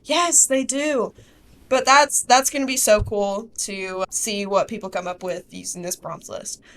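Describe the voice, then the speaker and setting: A young woman hosting a podcast in casual chat, chatty and quick to laugh. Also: medium pitch, fairly bright tone. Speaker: podcast host.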